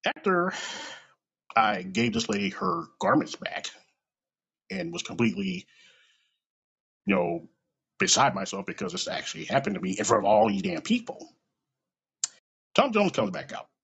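A man's voice: high-pitched, sing-song, moderate pace, gravelly, pauses often, fairly bright tone, husky, highs cut off. A man telling a comedic personal story in a casual, profane, self-deprecating way.

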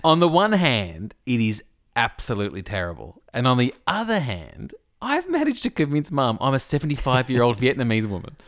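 A man, co-hosting a casual chat with playful, animated storytelling. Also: medium pitch, a little fast, no echo, studio quality. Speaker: podcast co-host.

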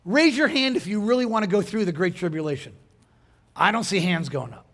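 A man's voice: high-pitched, lively intonation, a little fast, fairly bright tone. A man preaching a sermon to his congregation, conversational and direct, asking them questions and building to emphatic points. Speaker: pastor.

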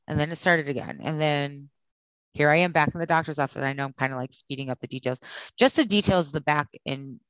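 A woman's voice: deep voice, fast, fairly bright tone, clear, resonant tone, no echo, dull audio. A woman guest telling her story in a candid, conversational way. She speaks bluntly, swears freely and acts out the lines of the people in her story.

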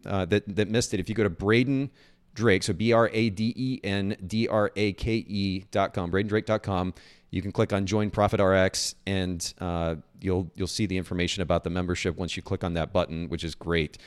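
A man's voice: deep voice, fairly even intonation, smooth. A man hosting a podcast, chatting enthusiastically and often restarting his sentences. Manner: fast, enthusiastic, repeats words and restarts. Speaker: podcast host. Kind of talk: casual interview chat.

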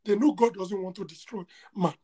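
A man's voice: high voice, a little fast, mellow. A man hosting a casual chat, talking in short affirming bursts.

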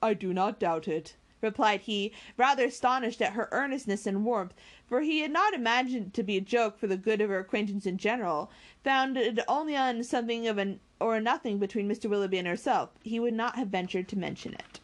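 A woman's voice: fairly high pitch, fairly quick. Woman, audiobook reader of a classic novel, stumbles now and then and corrects herself. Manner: occasional slips and self-corrections. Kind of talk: reading a classic novel aloud.

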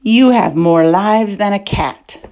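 A woman's voice: takes it slowly, warm tone. A woman voicing a wary male soldier in an audiobook, growling and hissing his lines. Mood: gruff. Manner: growling, low hiss.

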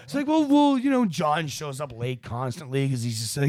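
Animated high-voiced man chatting. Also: normal speed. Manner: rambling, profane, acts out quotes in voices. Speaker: podcast co-host. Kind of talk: casual podcast chat.

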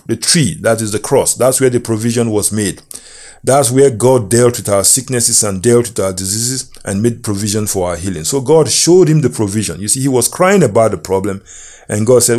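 A man preaching a sermon, slow and emphatic, reading and quoting scripture with measured repetition. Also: lowish voice, a little mellow.

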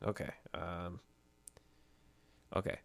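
A man's voice: sits low, flat delivery, slow, vocal fry. A man playing an unsure voice talent in a comic sketch, hesitant and stumbling over his words. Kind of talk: comedic improvised sketch.

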